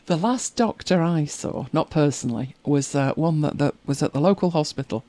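A woman's voice: deep voice, expressive, moderate pace, darkish tone, dry recording. A woman hosting a casual live chat, rambling through stories and viewer comments with frequent laughs. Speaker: livestream host reading viewer comments.

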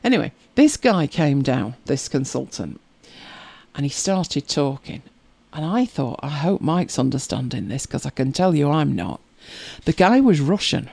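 A woman's voice: low voice, sing-song, measured pace, gravelly, dark tone, breathy edge, no echo. A woman hosting a casual live chat, rambling through stories and viewer comments with frequent laughs. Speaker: livestream host reading viewer comments.

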